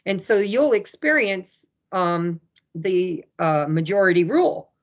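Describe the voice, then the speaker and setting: A woman chatting casually about spirituality, telling stories with lively energy and acting out other people's words. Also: on the low side, measured pace. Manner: animated, storytelling, acts out quoted people. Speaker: spiritual speaker. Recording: dull lo-fi sound.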